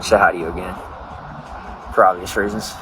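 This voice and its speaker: A man's voice: low-pitched, steady tone, a little fast. A man live-streaming, chatting casually and rambling, greeting viewers by name. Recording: noisy background.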